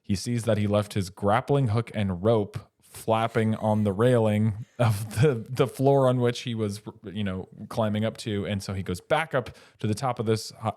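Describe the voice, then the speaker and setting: Guy on a movie podcast, lowish voice, rambles and restarts a lot, dry close mic. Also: steady tone, moderate pace, hardly any pauses, a little mellow, no room sound. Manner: rambling, self-interrupting, chuckling asides. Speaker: podcast co-host. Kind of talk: casual film discussion.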